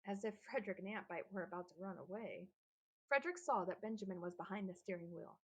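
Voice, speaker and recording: A woman narrates a children's adventure novel in a steady, lightly animated way. Her voice has a gravelly, husky grain and sits at a middle pitch. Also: fast, low-quality recording. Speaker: audiobook narrator.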